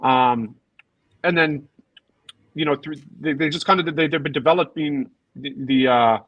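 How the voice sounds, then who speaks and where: A man with a somewhat high voice co-hosting a fan podcast. He thinks aloud, pausing with fillers and letting his sentences trail off. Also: no room sound, dull audio. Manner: thoughtful, many ums and trailing sentences. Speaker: podcast co-host. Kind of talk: casual fan podcast chat.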